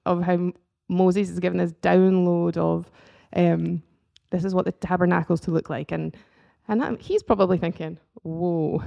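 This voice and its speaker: Woman artist chatting about faith, lots of vocal fry, dark mellow tone, soft-spoken. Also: fairly low pitch, highs cut off. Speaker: guest, artist. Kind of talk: casual faith chat.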